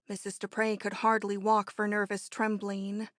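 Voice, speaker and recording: A woman's voice: mid-range voice, completely flat delivery, a little slow, dry recording. Woman narrating an audiobook, dry close sound. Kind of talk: scripted narration.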